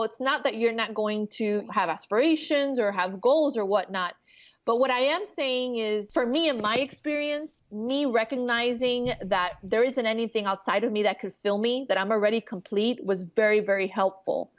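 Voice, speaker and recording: An earnest woman speaks in a fairly high voice about spiritual growth in a relaxed interview. She slips into quick character voices for her inner thoughts. The line sounds dull and lo-fi. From Miami area resident. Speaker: author guest. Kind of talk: casual interview chat.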